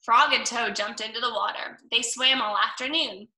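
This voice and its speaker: Woman reading a children's book, gentle and steady, roomy, heard from a distance. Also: a little high, moderate pace. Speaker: storybook reader.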